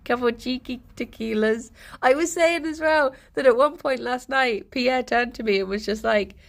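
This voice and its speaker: A young woman streamer in casual chat with her viewers, her voice husky after a late night, chatty and giggly. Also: a little high, moderate pace, hardly any pauses.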